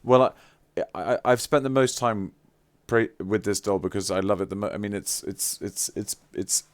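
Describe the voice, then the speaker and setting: A man's voice: on the low side, moderate pace, clean tone. A man chatting casually on a live stream, effusive and playfully teasing. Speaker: livestreamer.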